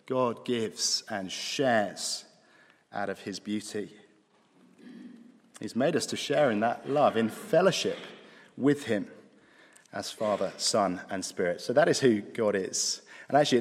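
Guy preaching, chatty with dry jokes, slows down on key words, echoey hall. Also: on the low side. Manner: conversational, dry humour, slows for emphasis. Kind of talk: sermon. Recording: long hall reverb.

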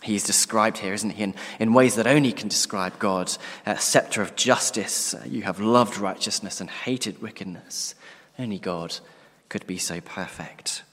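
Deep-voiced preacher in a reverberant hall. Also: male voice, moderate pace, fairly bright tone. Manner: earnest, emphatic, drops to a near-whisper at ends of phrases. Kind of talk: sermon. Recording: long reverb of a large hall.

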